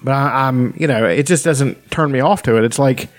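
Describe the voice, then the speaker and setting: A man in casual podcast chat, talking in a calm, measured way. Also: mid-range voice. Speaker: podcast co-host.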